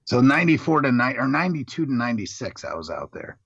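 A man's voice: medium pitch, sing-song, fast, creaky, fairly bright tone, breathy edge, muffled recording. A middle-aged man, a Marine veteran guest, telling rambling, profane stories in casual chat.

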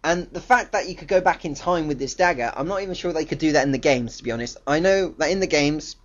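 A man's voice: a little high, fast talker. A man giving a casual, ranting film review, blunt, profane and exasperated, on a dull lo-fi recording.

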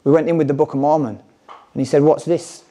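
A man's voice: a little high, fairly even intonation, brisk, warm tone. A man speaking candidly at a conference, telling a personal story and reading scripture with emphasis. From England. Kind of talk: personal testimony talk.

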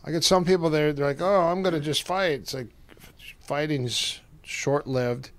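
A middle-aged man who coaches martial arts, telling casual stories in an animated way, acting out quoted voices and often restarting his sentences. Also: a little high, normal speed. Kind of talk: casual storytelling.

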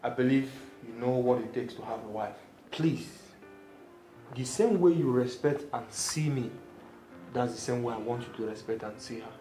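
A man's voice: mid-range voice, normal speed, dark tone, faint music behind, natural voice. A man playing a firm husband laying down house rules. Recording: echoey room.

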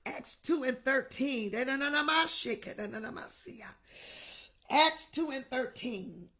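A middle-aged woman bishop preaching a Pentecostal sermon, crying out in tongues, shouting and weeping, then dropping to a whispered appeal. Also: high-pitched, expressive, slow pace. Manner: drops to intimate whispered exhortation.

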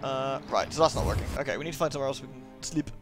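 A man's voice: medium pitch, expressive, rapid-fire. A man casually commenting on a game he is playing, muttering to himself as he goes. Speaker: game streamer. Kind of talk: casual live-stream commentary. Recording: game music playing behind.

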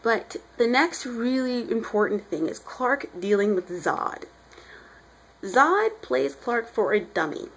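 A woman's voice: a little high, animated, takes it slowly, vocal fry, a little hiss or hum, poor audio. A young woman reviewing a comic book in casual chat, rambling and chatty as she retells scenes.

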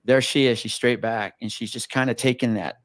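A man, a former police officer, telling a spooky story from his work in a casual, animated way. He swears often and acts out what people said. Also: mid-range voice, fairly quick, no echo. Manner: animated, swearing, acts out quotes with gasps and whispers.

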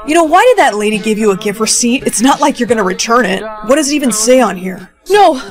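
A woman's voice: fairly high pitch, lightly acted. A woman playing a controlling, jealous boyfriend who questions and makes demands. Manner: demanding, interrogating.

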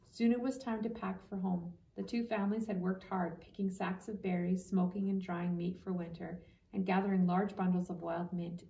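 A woman reading a children's book aloud at a steady storybook pace. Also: on the low side, gravelly. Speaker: reader. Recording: echoey room, distant mic.

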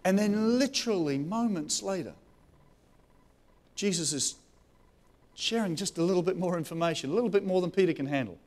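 A man preaching a sermon as pastor, animated, with restarts and rising questions. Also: sits high, brisk, pauses often. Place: church.

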